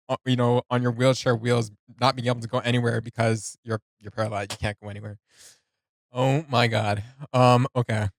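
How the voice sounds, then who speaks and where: A man hosts a music reaction video in a relaxed, chatty way. He laughs often and reads notes aloud with plenty of fillers. His mid-range voice sounds dry and close. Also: mid-range voice, no echo. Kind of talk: casual reaction commentary.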